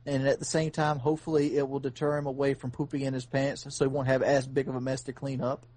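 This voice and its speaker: A man's voice: medium pitch, flat delivery, fast, darkish tone. A man hosting a casual podcast chat, telling a long earnest story with many restarts.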